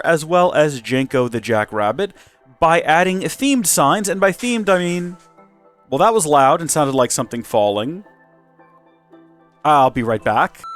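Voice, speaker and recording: Lively, playful man hosting a Minecraft let's play. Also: sits high. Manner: playful mock presenter tone, rambling with self-corrections. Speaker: Minecraft channel host.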